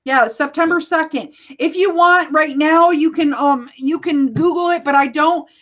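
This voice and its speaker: High-pitched American woman, podcast host, chatty, reads comments aloud. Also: moderate pace, fairly bright tone. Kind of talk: casual podcast chat.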